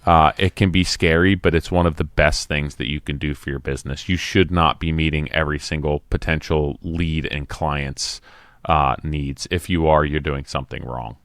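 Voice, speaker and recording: A man's voice: rumbling low, fairly even intonation, moderate pace, a bit bright, no echo. A man co-hosting a business podcast, giving earnest advice in casual chat. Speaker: podcast co-host.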